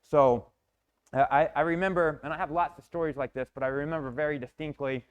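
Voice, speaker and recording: A man's voice: on the high side, fairly even intonation, a little fast, clean tone, muffled recording. A man in a motivational talk telling a personal story intensely, often repeating words and restarting, with some swearing. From Florida, USA. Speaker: motivational speaker.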